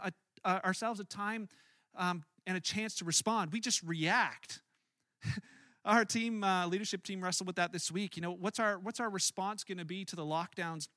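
A male pastor delivers a casual, story-driven sermon with a high, very bright and forceful voice. He stays conversational but jumps into loud, animated reenactments of his own frustration. The sound is dry and close, with no room echo.

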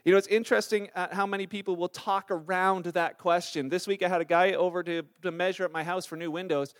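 A man's voice: sits high, fairly even intonation, quick pace. A man preaching a sermon in a conversational, storytelling way, full of fillers, his voice slightly sore. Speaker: pastor.

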